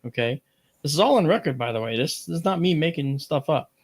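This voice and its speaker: A man appearing as a guest on a radio talk show, telling a personal story in a lively, rambling way with many fillers and restarts. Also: on the high side, a little fast, husky.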